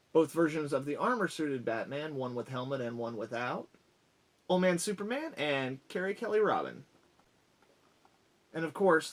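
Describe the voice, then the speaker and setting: A man's voice: fairly high pitch, fairly bright tone. A man in a casual vlog, enthusiastically rambling as he rattles off items from his collection one after another.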